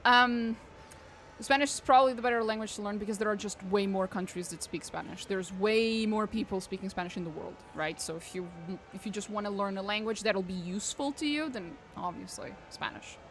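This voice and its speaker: A woman's voice: medium pitch, a little fast, slight background noise. A young woman streaming a game, chatting casually with her viewers, swearing and laughing often. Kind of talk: casual chat while gaming.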